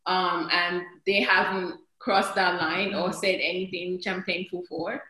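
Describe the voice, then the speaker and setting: A woman talking casually in a group discussion, hesitant with many pauses and giggles. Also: lowish voice, level tone, sharp tone, roomy sound, poor audio.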